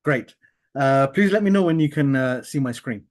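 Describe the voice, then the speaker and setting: A man presenting his software on a webinar, speaking earnestly with many fillers and restarts, on a video call from a home office. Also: medium pitch, expressive, normal speed. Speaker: webinar panelist, software founder.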